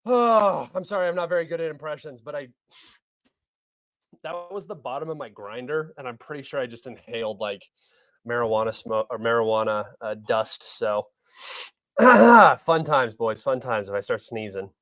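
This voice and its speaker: A man's voice: medium pitch, animated, moderate pace, fairly bright tone. A young man hosting a livestream, talking through news articles in an offhand, rambling, opinionated way. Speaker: livestream host. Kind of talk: casual livestream news commentary.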